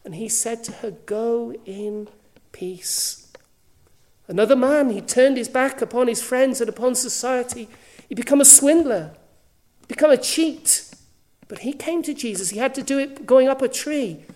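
A woman preaching a sermon, earnest, often dropping to a hushed voice. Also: fairly high pitch, measured pace. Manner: earnest, drops to a hushed voice for quoted invitations.

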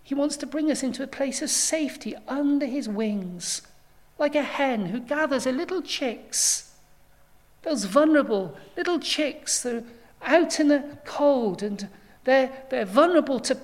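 Woman preacher, slow and earnest, somewhat high voice, pleading sermon delivery. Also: lively intonation. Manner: earnest pleading with sudden rises in intensity. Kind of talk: evangelistic sermon.

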